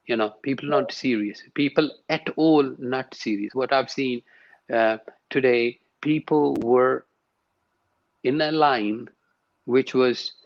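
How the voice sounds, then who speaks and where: This is an interview conversation with a man who teaches yoga and sound, and he speaks emphatically, repeating words to hammer home his ideas. He has a mid-range voice, and the high end of the audio is cut off.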